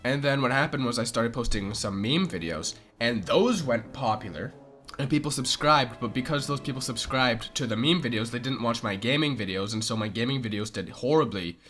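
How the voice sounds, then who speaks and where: A young man casually answering viewer questions as a channel host, rambling and relaxed with filler words. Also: mid-range voice, brisk. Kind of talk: casual Q&A chat. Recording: music playing underneath.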